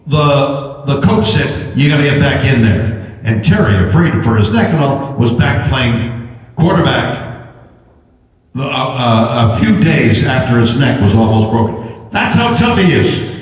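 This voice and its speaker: An older man tells a rambling, jokey anecdote to a convention audience, stumbling over restarts. His pitch swoops widely as he builds up to the punchlines. The sound is distant and booming, as if caught from the back of a large hall. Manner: animated, repetitive restarts, jokey. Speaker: convention panel guest. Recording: echoey hall recorded from far back.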